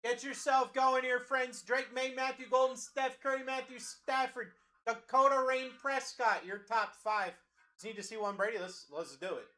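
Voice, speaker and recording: Man, high and bright. Live-stream card-break host with hyped, fast-talking sales patter. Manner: energetic, talks fast to chat, calls out players.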